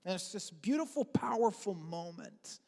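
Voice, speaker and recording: A lead pastor giving an Easter sermon in an energetic, conversational way with casual asides and fillers. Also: medium pitch, normal speed, vocal fry, in a large hall. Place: large church auditorium.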